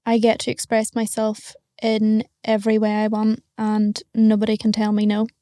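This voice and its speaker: A woman's voice: mid-range voice, completely flat delivery, moderate pace, mellow, no room sound, clean studio sound. A young woman with a Northern Irish accent, talking bluntly and frankly as an interview guest. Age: young adult. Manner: blunt, matter-of-fact, frank. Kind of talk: candid interview talk.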